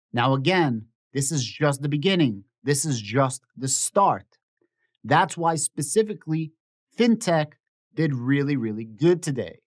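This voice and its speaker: A man talks through market news on his own channel in a casual, explanatory tone. He is opinionated and keeps circling back to the predictions he says he made. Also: fairly high pitch. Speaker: stock market YouTuber. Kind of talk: casual finance commentary to camera.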